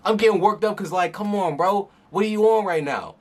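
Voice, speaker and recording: A man casually reading and reacting to a manga, in an animated, slangy, worked-up way. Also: sits high, brisk, few pauses. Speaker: manga reader and commentator.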